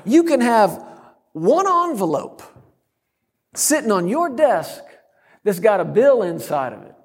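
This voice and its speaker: A middle-aged man preaching a sermon, telling a story and breaking into sudden loud shouts. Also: high-pitched, very animated, slow, breathy edge, in a large hall. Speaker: guest preacher.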